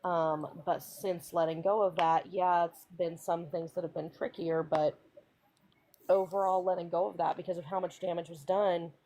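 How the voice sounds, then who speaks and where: A woman's voice: on the low side, fairly even intonation, moderate pace, dark tone. A woman from the American South, talking through her faith in a reflective, searching way. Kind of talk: casual chat.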